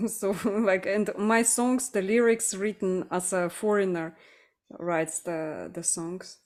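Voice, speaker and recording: Slow, thoughtful woman with a Russian accent. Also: medium pitch, steady tone, a little mellow. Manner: thoughtful, hesitant, with many fillers. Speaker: podcast host. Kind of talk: casual conversation about song lyrics.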